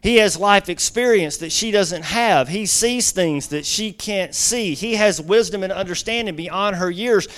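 A man's voice: high-pitched, measured pace, few pauses, fairly bright tone. A middle-aged man preaching a sermon as a guest pastor, telling stories conversationally with lots of "you know" asides.

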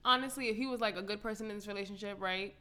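A woman's voice: medium pitch, very fast, sharp tone. A woman in her twenties co-hosting a podcast, chatting casually and venting bluntly, swearing freely. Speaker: podcast co-host. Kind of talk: casual chat.

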